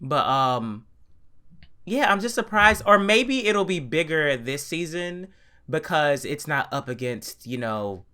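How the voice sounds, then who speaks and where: Bright lively-voiced man. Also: on the high side, takes it slowly, clean tone. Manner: animated, laughing, swearing casually. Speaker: podcast co-host. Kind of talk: casual chat.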